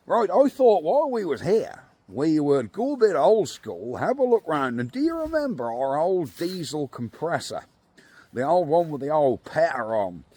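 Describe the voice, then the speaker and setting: Speaking to camera from his outdoor yard, where a propped-up phone records him, this vlogger cheerfully chats with viewers. His voice leans high and a little mellow, and there's no room sound at all.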